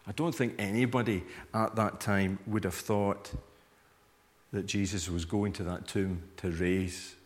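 A man's voice: low-pitched, steady tone, unhurried. A male preacher giving a sermon in a conversational manner, inviting listeners to imagine themselves in the scene. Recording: long hall reverb.

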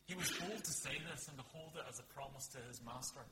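A man's voice: mid-range voice, fairly quick, sharp tone. A man preaching a sermon, earnest and reflective, with rhetorical questions and dramatic readings of scripture. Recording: long hall reverb with faint hum.

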